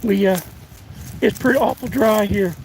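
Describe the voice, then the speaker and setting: A hoarse older man from the United States, live streaming on a phone outdoors in windy woods, chatting in a folksy, halting way and thanking viewers by name. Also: high-pitched, a little mellow, poor audio. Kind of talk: casual live-stream chat. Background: faint wind and rustling leaves.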